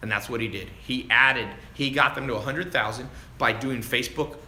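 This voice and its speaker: Male livestream coach, casual and chatty, forceful bright tone, faint background ambience. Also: mid-range voice, normal speed, slight background noise. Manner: animated and chatty, calls listeners dude and man. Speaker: online business coach answering live viewer questions. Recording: roomy echo with faint ambience.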